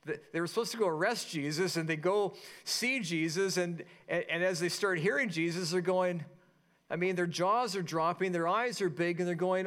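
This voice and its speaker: A pastor preaching a sermon, reading scripture and retelling it in an animated, storytelling way. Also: male voice, sits high, normal speed. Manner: animated storytelling, acting out quoted voices.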